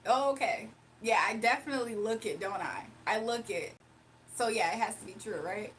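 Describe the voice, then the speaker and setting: A woman's voice: fairly high pitch, fairly quick, fairly bright tone, slight background noise. A young woman livestreamer chatting casually and reading her chat aloud, sarcastic and playful, laughing often.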